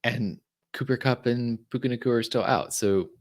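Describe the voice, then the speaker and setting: A man's voice: mid-range voice, normal speed. A man casually breaking down fantasy football picks as a show regular, with lots of ums and the odd dry sarcastic aside. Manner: chatty, frequent ums and restarts, dry sarcasm. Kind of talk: casual podcast chat.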